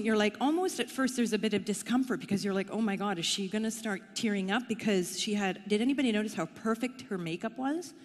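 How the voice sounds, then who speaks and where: A woman's voice: medium pitch, a little mellow. A middle-aged woman from Canada giving a conference talk in a chatty, playful, self-deprecating way. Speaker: conference speaker. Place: conference hall. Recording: long hall reverb.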